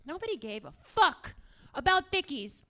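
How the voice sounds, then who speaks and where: A woman in her thirties from Miami doing a stand-up comedy set, with a crude, animated, swearing storytelling manner. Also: high-pitched, normal speed.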